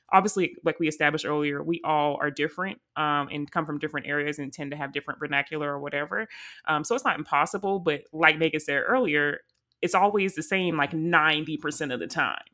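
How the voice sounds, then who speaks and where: A woman's voice: sits low, pushed and bright. A woman co-hosting a casual group chat, thoughtful, laughing and stretching words for emphasis. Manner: reflective, laughing, drawn-out emphasis. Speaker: podcast co-host.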